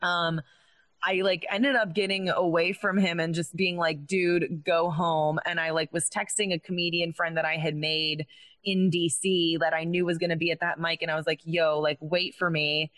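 A woman's voice: fairly low pitch, little pitch movement, moderate pace, fairly bright tone. A young woman, a stand-up comedian, telling a personal story in a casual chat and filling her speech with "like". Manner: chatty, fills speech with "like".

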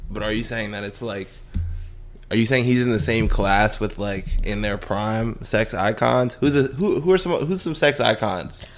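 A man's voice: on the low side, moderate pace, soft background music. A man in his twenties co-hosting a podcast, bantering in a laid-back, joking way with frequent restarts. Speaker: podcast co-host. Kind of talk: casual chat. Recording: roomy echo with faint background ambience.

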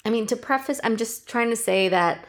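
A woman's voice: fairly high pitch, normal speed. A woman in her thirties hosting a solo podcast, talking candidly and with plenty of swearing about personal feelings. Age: 30s. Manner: candid, profane, emotionally open. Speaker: podcast host.

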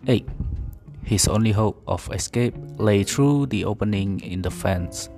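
A man slowly reads out an English pronunciation exercise in a low voice. He is careful and deliberate and sometimes stumbles and corrects himself. Music plays clearly behind him. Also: warm tone. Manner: careful, deliberate, with small slips and self-corrections. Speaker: pronunciation drill reader. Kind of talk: reading an English pronunciation drill aloud.

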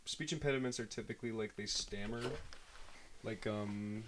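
A man's voice: on the low side, moderate pace, background noise. A man chatting casually with friends, joking and rambling, with a slight lisp on his th sounds. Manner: joking, rambling, laughs often. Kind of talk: casual chat among friends.

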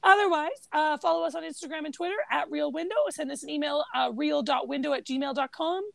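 Gravelly high-voiced chatty woman. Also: fairly even intonation, a little fast, a bit bright, no room sound. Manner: chatty, laughs often, rambling restarts. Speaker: podcast co-host. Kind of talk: casual chat.

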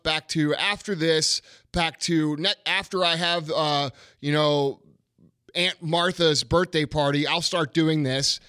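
A fairly high-pitched man hosting a motivational podcast, blunt and profane. He hammers his points with repetition and rhetorical questions, and his voice sounds close and dry. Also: bright, forceful tone, dry recording. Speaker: podcast host.

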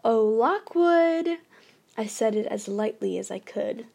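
A woman narrates a first-person ghost story at a middling pitch, her voice carrying a gravelly fry. She reads steadily but often stumbles, restarts phrases and corrects herself as she goes. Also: little pitch movement, normal speed, warm tone. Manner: reading with frequent restarts and self-corrections. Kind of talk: first-person novel read aloud.

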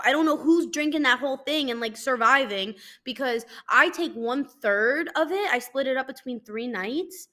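Bright, blunt woman podcast host. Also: high voice. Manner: blunt, profane, self-mocking rants. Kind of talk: casual solo podcast chat.

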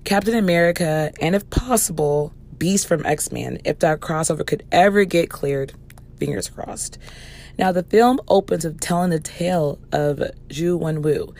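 A woman hosting a podcast movie review, hoarse from losing her voice, chatting casually. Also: lowish voice, a little mellow. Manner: chatty, with fillers and restarts. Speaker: podcast host.

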